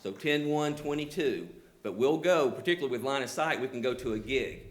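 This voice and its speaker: A man's voice: mid-range voice, a little fast. Man, older, Southern accent, public hearing presentation, earnest, filler-heavy. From Georgia, US. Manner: earnest, many "you know" fillers. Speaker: telecom company representative presenting.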